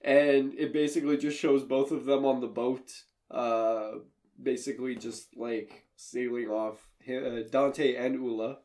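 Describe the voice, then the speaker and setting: A man's voice: mid-range voice, fairly even intonation, a little slow, a little mellow. A man casually recapping a bad movie on a podcast, rambling, laughing often and swearing as he goes. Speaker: podcast co-host.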